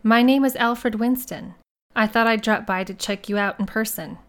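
A woman's voice: on the high side, moderate pace, close to an everyday voice. A woman doing a giggly rich-twit man. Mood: silly. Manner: soft-spoken, giggly, rambling. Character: male detective posing as a giggly rich twit. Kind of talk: audiobook character voice.

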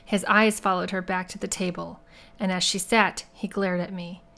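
A woman's voice: on the low side, little pitch movement, moderate pace, creaky, a bit bright. Woman narrating an audiobook. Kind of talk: scripted narration.

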